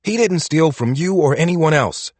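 A man voicing a young male violinist who swears and yells in anger. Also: medium pitch, sing-song, normal speed, slightly rough, dry recording. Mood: furious. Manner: shouting, swearing.

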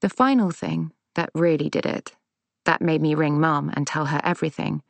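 A woman narrating a first-person audiobook in a measured, gentle, reflective way. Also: low-pitched, creaky, no room sound.

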